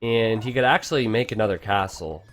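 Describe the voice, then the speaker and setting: A man giving casual, excitable commentary on a strategy game match, chatting to his viewers. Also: on the low side, fairly quick. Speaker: game caster.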